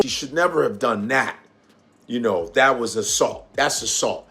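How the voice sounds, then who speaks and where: Comedian, man from New York, casual animated commentary. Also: medium pitch, normal speed. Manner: loose, animated storytelling.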